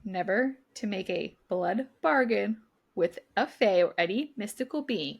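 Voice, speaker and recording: A woman's voice: mid-range voice, unhurried, creaky. A young woman co-hosting a casual book review podcast, recapping the plot and acting out the characters' lines. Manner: animated, acts out characters' lines while recapping. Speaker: podcast co-host.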